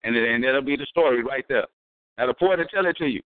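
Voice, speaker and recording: Fast-talking man, tinny dry phone sound. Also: medium pitch, no echo. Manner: animated, acts out voices in his stories; profane street slang, repeats words while thinking. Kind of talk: casual storytelling chat.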